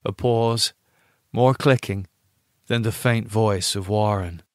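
A man reading a horror story aloud in a grave, deliberate voice with dramatic pauses. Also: lowish voice, no echo, studio quality. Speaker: audiobook reader. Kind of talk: scripted horror narration.

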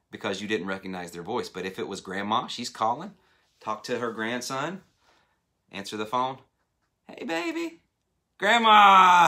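A man in his thirties preaching a sermon as a pastor, animated and acting out voices as he speaks. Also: mid-range voice. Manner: animated, acts out phone voices. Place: church hall.

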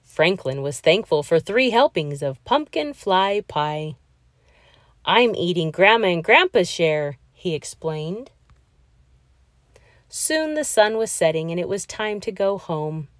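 A woman reading a children's picture book aloud, in a slow, expressive storytelling voice. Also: lowish voice, no echo, studio quality.

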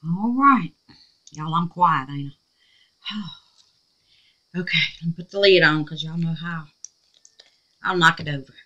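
Chatty woman crafting, slow-spoken. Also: low voice, pushed and bright, muffled recording. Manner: chatty, exclaims often, calls viewers babies and y'all. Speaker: resin crafting vlogger. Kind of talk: casual crafting tutorial talk.

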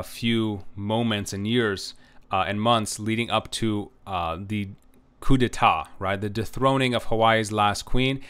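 A male history lecturer talks through his slides in a loose, rambling way. He pads his sentences with "uh"s and keeps checking in with "right?". His voice sits low and comes across smooth and clean. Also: a bit bright. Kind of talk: recorded classroom lecture.

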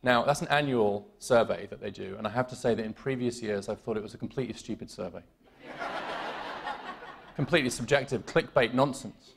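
British keynote speaker, man, gravelly timbre, dry self-mocking wit, talks through ums. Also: mid-range voice, moderate pace, slight background noise. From United Kingdom. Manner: wry, self-deprecating humor with many fillers and restarts. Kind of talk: conference keynote talk. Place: conference hall.

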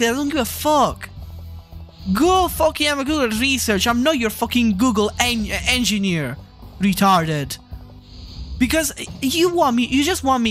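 Very high-pitched and fairly bright, this man's voice hosts a gaming channel. He chats casually over gameplay, rambling and repeating himself, and grows heated enough to swear.

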